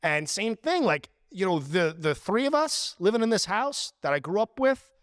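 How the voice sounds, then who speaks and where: Animated high-voiced young man ranting. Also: moderate pace, dry recording, studio quality. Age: 20s. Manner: profane, animated storytelling with put-on quotes. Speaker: podcast host. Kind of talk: casual podcast rant.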